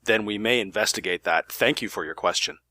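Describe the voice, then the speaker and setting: A man playing a stiff corporate spokesman who answers in measured, boilerplate phrases. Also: fairly low pitch, pushed and bright, no echo, pitched below the performer's own voice. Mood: stiff, formal.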